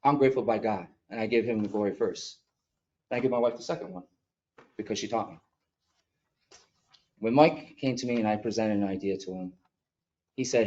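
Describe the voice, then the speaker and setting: A man who is a mural artist, speaking earnestly and with emotion at a village board meeting, sometimes halting as he gets choked up. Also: lowish voice, darkish tone, highs cut off. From upstate New York. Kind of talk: emotional public comment. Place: public meeting room.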